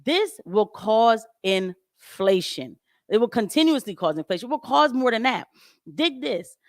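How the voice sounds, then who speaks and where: This show host, a young Haitian-descended woman, talks in a slightly high, very animated voice at an unhurried pace. She's blunt, sarcastic, and often laughing on her casual commentary livestream, captured in dry, studio-quality audio.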